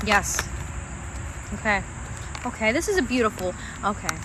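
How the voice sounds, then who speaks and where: A woman's voice: medium pitch, very animated, normal speed, noisy background. A young woman giving live-stream tarot readings, chatty and casual, swearing freely and calling her viewers guys and babe. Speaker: tarot reader.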